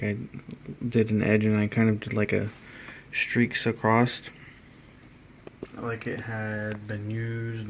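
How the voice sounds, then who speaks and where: A tired man narrating a casual hobby painting vlog, halting and rambling as he trails off mid-thought. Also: on the low side, slight background noise. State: tired, yawning.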